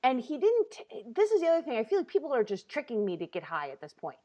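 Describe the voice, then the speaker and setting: An animated woman in her thirties hosts a comedy talk show and tells her story in loose, casual chat. Her voice sits a bit high, and she slips into lively voiced asides. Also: fast, highs cut off.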